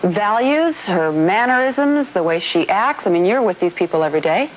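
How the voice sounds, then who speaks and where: A woman's voice: mid-range voice, lively intonation, moderate pace. A woman hosting a morning TV show, introducing guests and asking probing questions. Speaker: TV news anchor. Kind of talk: morning TV interview. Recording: dull broadcast audio, faint hiss.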